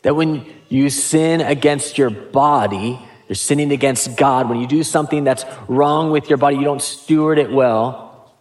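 A man's voice: mid-range voice, moderate pace, darkish tone. Conversational man preaching a sermon. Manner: conversational preaching with casual asides. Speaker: pastor.

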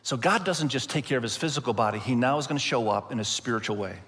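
Pastor guy preaching, drags words out for emphasis, long echoey church reverb. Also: medium pitch. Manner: expressive, slows down for emphasis. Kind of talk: sermon.

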